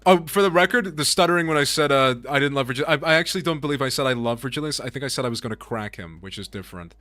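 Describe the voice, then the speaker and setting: A man's voice: mid-range voice, rapid-fire, a bit bright, no echo. A man live-streaming a game, chatting with his viewers in a casual, profane way, laughing often and apologizing to chat.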